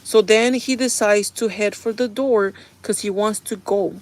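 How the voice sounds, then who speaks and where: A woman live streamer in casual chat, retelling a TV episode in a chatty, animated way and laughing often. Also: medium pitch, a little slow. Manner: chatty and animated, full of "like" and "kinda".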